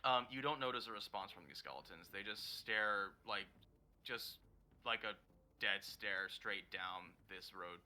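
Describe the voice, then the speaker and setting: A male dungeon master narrates a tabletop game in a bright, sharp voice sitting a little low. He halts often with fillers as he describes each scene. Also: measured pace. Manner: hesitant, many fillers while narrating.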